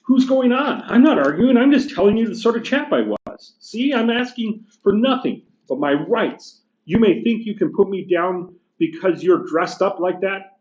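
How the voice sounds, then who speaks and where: A self-righteous male ghost rants in a high, pushed voice, as a man reading aloud puts him on. He sounds aggrieved and loud. The reading rings in a roomy space with a dull, lo-fi tone. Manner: loud, aggrieved, rising pitch. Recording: echoey room, dull lo-fi sound.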